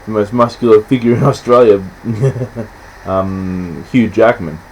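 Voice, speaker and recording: A man in casual film chat, rambling and halting, often stopping to restart, acting out scenes in quick quoted voices. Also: on the low side, a little mellow, a little hiss or hum, low-quality recording. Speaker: podcast host.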